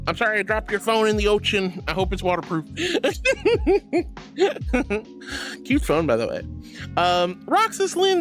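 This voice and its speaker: A woman streamer chatting with her viewers in a bubbly, gushing way, breaking into squeals and baby talk. Her pitch leaps and dips constantly. Soft music plays faintly behind her. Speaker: livestreamer reading chat. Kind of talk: casual livestream chat.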